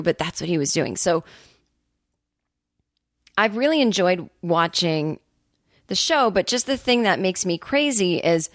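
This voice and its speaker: A woman's voice: lowish voice, expressive, a little slow, long pauses, no echo, studio quality. A woman hosting a podcast, ranting in a casual monologue, swearing freely and acting out quotes. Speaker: podcast host.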